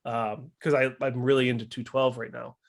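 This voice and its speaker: A man's voice: medium pitch, level tone, normal speed, creaky. A man from Wisconsin hosting a casual podcast, talking in an easygoing, rambling way. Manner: easygoing, rambling with fillers and laughs. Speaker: podcast host. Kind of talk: casual chat.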